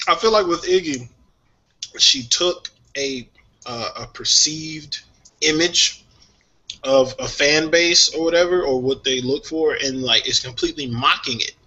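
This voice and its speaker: A man co-hosting a casual music talk show, sharing strong opinions in a lively way and laughing often. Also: a little high, a little slow. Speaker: podcast co-host. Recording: dull lo-fi sound.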